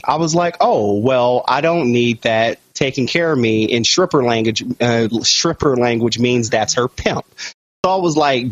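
A male podcast co-host with a husky voice, reading a story aloud in a profane way and laughing through it. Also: mid-range voice, expressive, moderate pace, dry recording. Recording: dull lo-fi podcast audio.

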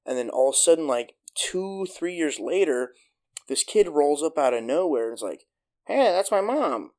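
A podcast host in loose, casual conversation. He retells a film with excited energy, peppering it with swearing and filler words. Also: a little high, normal speed. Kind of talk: casual chat.

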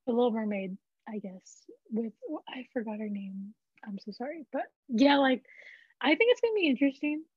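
Teen girl, very high voice, rambling and frank, dull dry recording. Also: dry recording. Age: teens. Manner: rambling, frank, filler-heavy. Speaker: teen panelist. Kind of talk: casual chat.

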